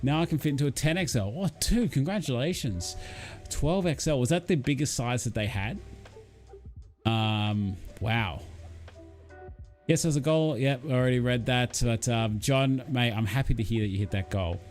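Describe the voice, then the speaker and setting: A man's voice: mid-range voice, normal speed, a little mellow, soft background music. A man hosting a casual livestream, chatting and answering viewers in a chummy, rambling way. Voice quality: rambling, full of fillers and restarts, chummy. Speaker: channel host reading live chat.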